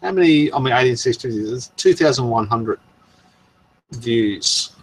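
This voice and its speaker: A man's voice: medium pitch, animated, a little slow. A man hosting a casual live stream, rambling and chuckling as he goes through viewer comments. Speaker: channel host.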